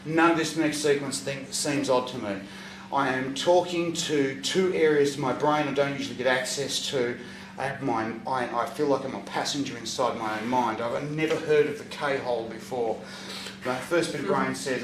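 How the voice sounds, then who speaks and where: Man, stand-up comedian, sweary, shouty punchlines, noisy live room. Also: medium pitch, fairly even intonation, normal speed. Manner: profane, bursts into loud shouts at punchlines. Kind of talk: stand-up storytelling. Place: comedy venue stage, audience laughter. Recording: echoey live venue from far off.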